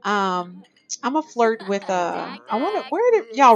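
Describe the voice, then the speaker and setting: A woman's voice: mid-range voice, big pitch swings, unhurried, fairly bright tone, muffled recording, soft background music. Brief: young female let's-play host, chatty, laughs a lot, playful commentary. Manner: chatty, laughs often, voices her characters playfully. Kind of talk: casual gameplay commentary.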